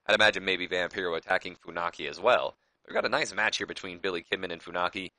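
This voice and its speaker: Male gaming YouTuber, casual rambling commentary; low-ish pitch, bright tone. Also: fast talker, dry recording, poor audio. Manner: rambling, self-correcting.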